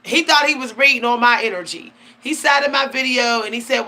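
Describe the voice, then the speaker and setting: Bright-voiced woman giving a slangy spiritual rant. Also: a little high, a little fast, few pauses. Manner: animated, laughing, slangy and emphatic. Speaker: channel host. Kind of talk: casual spiritual talk to camera.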